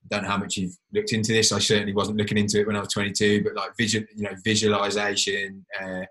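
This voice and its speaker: A man with a somewhat low voice, hosting a podcast interview. He rambles a little, in an earnest and encouraging tone, and drifts between thoughts as he speaks. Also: monotone, fast talker, fairly bright tone, poor audio. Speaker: podcast host. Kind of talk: casual interview chat.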